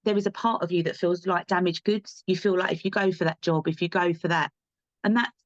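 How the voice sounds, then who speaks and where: A woman's voice: on the low side, steady tone, fairly quick, dry recording, muffled recording. A young adult woman from England, speaking as a podcast guest in candid interview talk, earnest and driven, repeating herself for emphasis.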